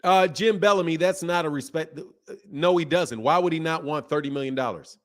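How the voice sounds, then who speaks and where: A man hosting a boxing channel, chatting casually and reading viewer comments aloud, animated and emphatic with slangy talk and frequent laughs. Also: fairly high pitch, brisk.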